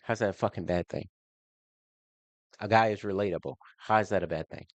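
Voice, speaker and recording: A man from Baltimore giving heated, profane reaction commentary, incredulous and quick to laugh, in his basement on a faulty home mic. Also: lowish voice, no room sound. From Baltimore, USA. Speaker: reaction video host.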